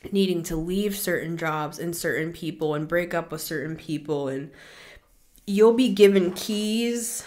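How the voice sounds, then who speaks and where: A woman hosting a spiritual reading show, talking earnestly to listeners and repeating words for emphasis, a little out of breath. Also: mid-range voice. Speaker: spiritual reader, show host. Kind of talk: intuitive reading monologue.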